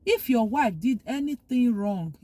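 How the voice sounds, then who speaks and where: A woman's voice: on the high side, animated, measured pace, mellow. A woman vlogger talking earnestly, giving heartfelt advice and repeating her points for emphasis. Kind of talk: casual opinion monologue.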